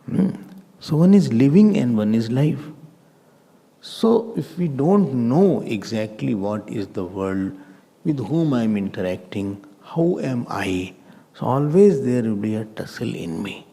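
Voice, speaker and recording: A man, a swami giving a spiritual discourse as an animated storyteller who acts out other people. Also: mid-range voice, a little slow, gravelly. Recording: long reverb in a hall.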